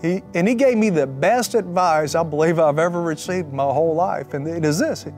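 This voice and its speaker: A man telling his personal faith testimony as a lively story, with joking, sarcastic asides and acted-out quotes. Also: fairly high pitch, fairly quick, faint music behind.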